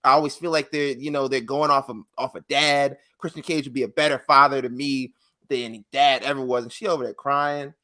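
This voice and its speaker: Bright-voiced man telling wild wrestling stories. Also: a little fast. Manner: animated storyteller, acts out quotes in high voices. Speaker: podcast co-host. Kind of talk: casual wrestling podcast banter.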